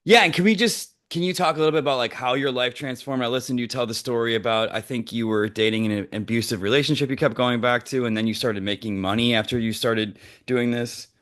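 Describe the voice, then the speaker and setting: Male podcast host, mid-pitched voice, jokey and loose. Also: quick pace, few pauses, a bit bright. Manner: joking, laughs easily. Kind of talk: casual podcast interviewing.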